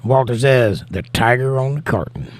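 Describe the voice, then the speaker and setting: A man's voice: mid-range voice, moderate pace, no echo. Brief: American male streamer, laid-back chat, reads comments in a sing-song lift. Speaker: livestream host. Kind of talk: casual chat reading viewer comments.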